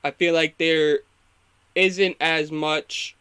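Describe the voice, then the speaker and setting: Bright-voiced man ranting about football. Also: a little high, steady tone, very slow, smooth. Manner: opinionated, rambling, fired up when critiquing. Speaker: sports talk host. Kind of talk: casual live football reaction.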